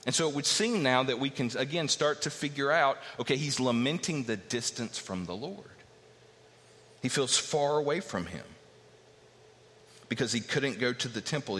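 A man's voice: medium pitch, bright, forceful tone. Earnest male preacher in an echoing hall. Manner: earnest, acts out quoted voices while teaching. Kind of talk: sermon. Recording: long hall reverb.

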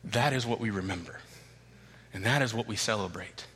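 A man preaching a sermon as pastor, emphatic and repeating key phrases with slow, deliberate stresses. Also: on the low side, a bit bright, slightly rough, in a large hall. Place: church sanctuary.

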